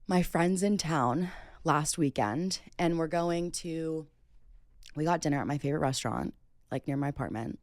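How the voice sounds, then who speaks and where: A woman's voice: low voice, normal speed, darkish tone, dry recording, studio quality. A woman in her twenties hosting a podcast, telling a dating story in a casual, profane, sarcastic way, full of "like" fillers. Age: 20s. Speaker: podcast host.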